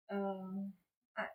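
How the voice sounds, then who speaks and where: A woman's voice: medium pitch, poor audio. A young woman on a live stream, chatting candidly, rambling and swearing casually between sung lines. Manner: sings along softly, then chats candidly and rambles. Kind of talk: casual chat with singing along.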